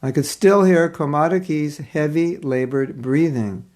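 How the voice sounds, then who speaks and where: A man giving a devotional class, reading a story aloud and commenting on it in an earnest, expressive storytelling manner with pauses. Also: fairly high pitch. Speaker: spiritual teacher giving a class.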